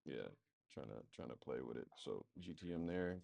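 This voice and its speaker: Deep mellow guy rambling thru a screen share, lots of ums, dry close sound. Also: animated, moderate pace, gravelly, dry recording. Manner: thinks aloud, loose and rambling, many fillers. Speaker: marketing agency presenter. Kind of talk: casual screen-share walkthrough.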